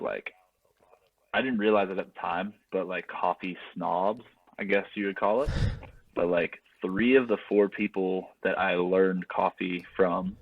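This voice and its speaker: A young man from West Virginia, a guest and athlete, chatting casually in an easygoing, unhurried way with plenty of likes. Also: sits low. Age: young adult. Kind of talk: casual chat. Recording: phone-like remote call audio.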